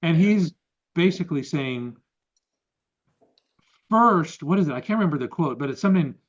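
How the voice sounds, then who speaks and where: In a slightly high voice at a moderate pace, this podcast co-host chats casually, getting animated as he illustrates ideas with examples and quotes. The sound is lo-fi.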